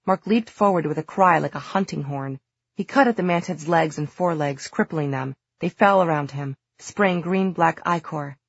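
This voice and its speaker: A woman narrating an audiobook in a steady, measured storytelling manner. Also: deep voice, creaky, slightly rough, no room sound, lo-fi sound.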